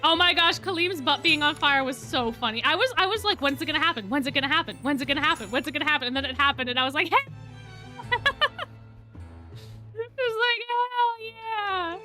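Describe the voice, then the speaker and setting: A young woman chats to her stream on a desk mic, her voice high and bright and swinging all over the place. She gushes like an excited fan and keeps repeating herself. Faint music plays underneath. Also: quick pace. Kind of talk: casual reaction chat.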